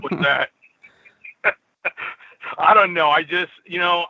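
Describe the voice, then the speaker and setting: A man's voice: on the high side, a little slow, long pauses, bright, forceful tone, no room sound. A man calling in to a talk show, joking, giggling and meandering through his thoughts. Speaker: caller. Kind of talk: casual call-in chat. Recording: lo-fi dry phone-in audio.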